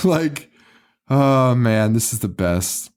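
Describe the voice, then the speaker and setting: Man, podcast co-host, casual recap, laughs often, swears, mid pitch. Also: darkish tone. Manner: laughing, profane, retelling scenes with mock quotes. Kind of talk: casual movie recap chat.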